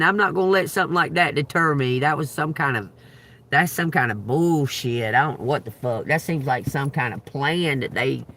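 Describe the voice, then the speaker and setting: Man, high bright tense voice, profane and animated, with loud bursts. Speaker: tarot reader livestreamer. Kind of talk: casual livestream rant.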